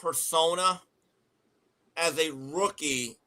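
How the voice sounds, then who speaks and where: High, bright-voiced guest analyst. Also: male voice, slow. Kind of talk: casual sports talk.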